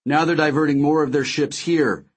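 A man voicing a calm, commanding middle-aged general in an audiobook. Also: a little high, normal speed, slightly rough, voice pushed up. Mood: urgent. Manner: firm, commanding. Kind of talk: audiobook character voice.

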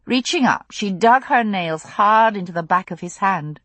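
A woman narrating a novel in an expressive storytelling way on a close studio mic. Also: mid-range voice, normal speed, no room sound. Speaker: audiobook narrator.

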